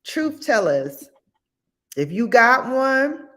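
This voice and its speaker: A woman hosting a casual commentary vlog, blunt and sassy, with animated asides. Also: fairly low pitch, slow. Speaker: host.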